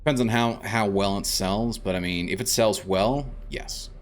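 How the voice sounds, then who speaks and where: A man's voice: fairly low pitch, normal speed. A man streaming a game, chatting casually with viewers and rambling a bit. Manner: chatty, rambling, restarts, answers chat. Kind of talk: casual let's-play chat.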